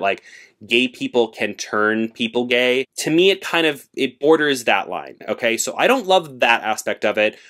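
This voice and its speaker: A man talking through his monthly reading in a casual, chatty way. His voice sits mid-range but leaps upward when he gets excited. He leans on fillers and restarts as he goes. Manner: chatty and expressive, animated jumps in pitch when excited. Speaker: book vlogger. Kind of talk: casual book review chat.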